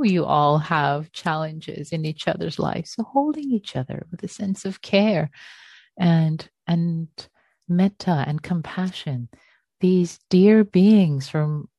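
A woman teaching meditation over a video call, her voice low-pitched and mellow. She talks gently and without hurry, reassuring her students. The sound is dry and close, with no room echo. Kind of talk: online group meditation session.

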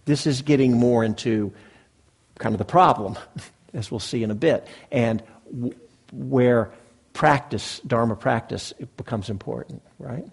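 Speaking a little slowly at medium pitch, with vocal fry and a husky edge, a man gives a dharma talk to a live group in a hall. He teaches meditation conversationally, often checking that the audience is following.

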